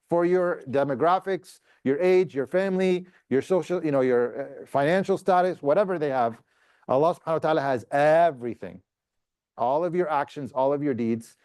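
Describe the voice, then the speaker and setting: A man's voice: a little high, a little mellow, smooth, no room sound. Man teaching a Quran lesson, dry sound. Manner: explains verses, mixing in chanted Arabic recitation; asks the class questions. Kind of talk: classroom tafseer lesson.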